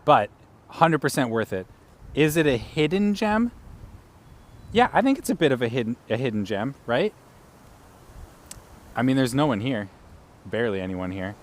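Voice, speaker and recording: A man's voice: medium pitch, expressive, moderate pace, long pauses. A man live-streaming outdoors while cycling through city streets, chatting casually with his viewers.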